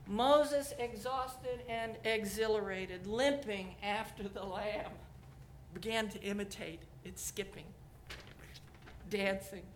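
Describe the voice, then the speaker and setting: A woman's voice: mid-range voice, fairly even intonation, slow, a little hiss or hum. A woman telling a scriptural story and closing with reflective questions and a blessing, in a meditative sermon style.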